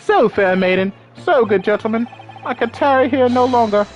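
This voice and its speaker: Woman doing a declaiming Shakespearean gentleman. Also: a little high, normal speed, muffled recording, faint music behind, lightly acted. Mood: grandiloquent. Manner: theatrical, archaic, declaiming. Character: eccentric Shakespeare-quoting gentleman lodger. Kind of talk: video game let's play voice acting.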